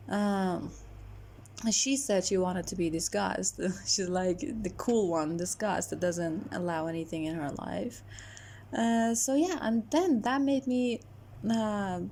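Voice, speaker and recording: A young woman vlogs in a chatty, animated way, often stopping for fillers and restarting her sentences. Her voice sits at an ordinary middle pitch. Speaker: vlogger. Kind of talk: casual chat to camera.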